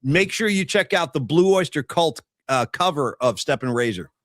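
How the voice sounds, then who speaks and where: A man hosting a casual sports podcast, talking in fast joking banter. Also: a little high, lively intonation, a bit bright, no room sound, studio quality. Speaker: podcast host.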